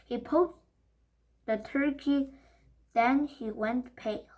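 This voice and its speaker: A woman whose first language is Korean, reading a children's book aloud slowly, carefully and expressively. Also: high-pitched, a little mellow, poor audio. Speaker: storybook reader.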